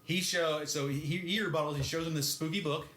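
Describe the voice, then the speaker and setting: A man's voice: a little high, steady tone, brisk, fairly bright tone, roomy sound. A man co-hosting a podcast, recapping a book in a rambling, filler-heavy way and often laughing. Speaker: podcast co-host. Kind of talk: casual chat recapping a book.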